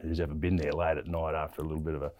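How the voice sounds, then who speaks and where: An Australian man, an interview guest, tells a long story in a casual way, rambling with lots of ums, fillers and restarts. His voice is very deep and darkish, with a level tone, and he talks very fast. The recording is dry.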